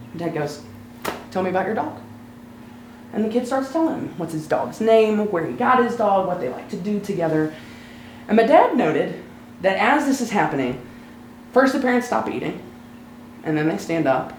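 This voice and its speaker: A speaker telling a personal story live on stage, chatty and lightly humorous, slowing down at emotional moments. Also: mid-range voice, roomy sound, a little hiss or hum, rough recording. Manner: conversational, warm-humored, slows down for emotional moments.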